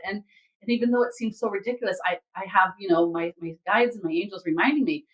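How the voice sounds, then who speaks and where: A woman who reads Akashic Records, telling a story from a session in a casual, animated way and acting out the people in it. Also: medium pitch, quick pace, rough recording. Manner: animated, quotes others and herself in lively asides.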